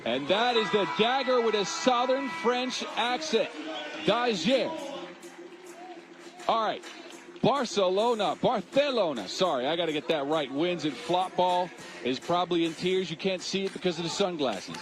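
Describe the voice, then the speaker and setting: A man giving live play-by-play basketball commentary, getting excited and shouting at the big moments. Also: high voice, a little slow. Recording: music playing loud behind the voice. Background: arena music.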